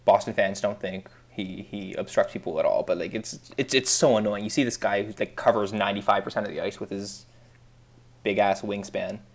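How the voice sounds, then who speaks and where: A man's voice: fairly low pitch, fairly even intonation, a little fast. A man in casual podcast chat, ranting sarcastically as a fan with lots of filler words.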